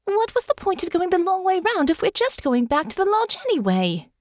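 A woman voicing a stubborn, frustrated young noblewoman who sounds high and indignant. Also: sing-song, a little fast, dry recording, clean studio sound. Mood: exasperated.

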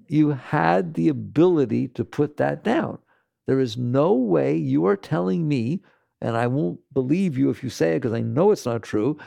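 Male teacher, gravelly voice, dry close sound, emphatic storyteller who keeps asking "right?". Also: fairly high pitch, mellow, no echo. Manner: tells stories and acts out other people's lines. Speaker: spiritual teacher. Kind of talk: spoken teaching talk to an audience.

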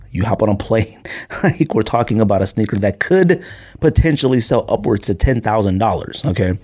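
A man's voice: fairly low pitch, darkish tone. A man hosting a sneaker podcast, talking casually in a rambling, joking, storytelling way. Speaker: podcast host.

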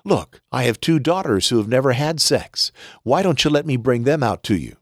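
A man reads scripture in the role of an anxious male host shielding his guests, sounding urgent and pleading. His mid-range voice has lively intonation and a normal speed, pitched a bit above his natural voice yet close to everyday speech. The studio-quality recording has no echo.

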